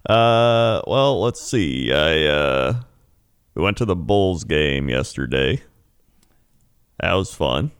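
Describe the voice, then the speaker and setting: A man's voice: rumbling low, lively intonation, takes it slowly, pauses often, smooth, no room sound, studio quality. A man co-hosting a podcast, chatting in an easygoing way with frequent hesitations and fillers. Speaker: podcast co-host. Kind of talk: casual chat.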